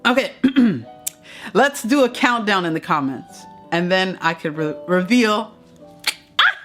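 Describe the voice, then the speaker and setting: A woman's voice: medium pitch, measured pace, faint music behind. A woman hosting a motivational live stream, affectionate and effusive, repeating herself and giggling often as she chats with viewers. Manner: excitable, shrieks during countdowns. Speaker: motivational speaker and channel host.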